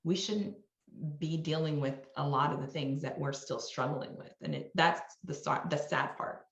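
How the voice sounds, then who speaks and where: A woman's voice: sits low, steady tone, moderate pace, creaky, echoey room, dull audio. A woman from New York, a marketing executive, speaking as a guest in a podcast interview in a candid, conversational way with frequent restarts.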